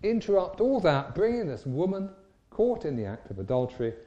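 A man preaching a sermon, telling the story in an emphatic, animated way. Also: high-pitched, brisk, dull audio.

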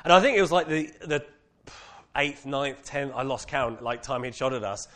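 A man with a British accent sharing a personal testimony with an audience, candid and animated, with many casual fillers. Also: medium pitch, moderate pace.

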